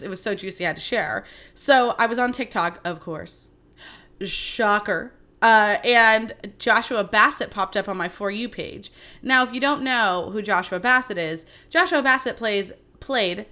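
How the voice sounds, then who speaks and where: A young woman hosts her own podcast, spilling celebrity gossip in a loose, animated chat. Her voice is bright and forward, and she swears freely and laughs often as she talks. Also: mid-range voice. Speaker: podcast host. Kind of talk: casual solo podcast chat.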